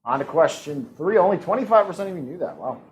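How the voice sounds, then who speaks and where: A man hosting a live-streamed trivia game, reading out questions and answer choices with quick jokes and frequent laughs. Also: a little high, big pitch swings, poor audio. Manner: jokey, laughs often, reads out multiple-choice options. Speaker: trivia host.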